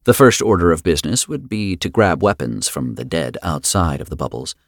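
A man narrating a fantasy story in a dramatic, expressive way. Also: deep voice, a little fast, no room sound, clean studio sound. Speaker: audiobook narrator. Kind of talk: scripted narration.

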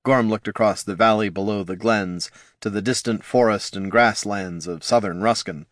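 An audiobook narrator tells a fantasy story with expressive flair. His voice is lowish and his pace normal, captured in studio quality with no room sound.

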